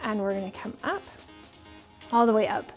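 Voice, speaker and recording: A woman's voice: mid-range voice, animated, normal speed, soft background music. A woman hosting a home workout show, guiding viewers through push-ups and stretches with encouragement, a little out of breath. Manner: encouraging, counting reps aloud with laughs. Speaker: fitness instructor and host. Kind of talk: guided home workout instruction.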